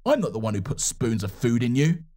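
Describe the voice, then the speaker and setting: A man's voice: medium pitch, very animated, brisk, warm tone, natural voice. A man voicing a crude, blunt young stranger who talks in a brusque, sarcastic, swearing way. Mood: blunt, mocking.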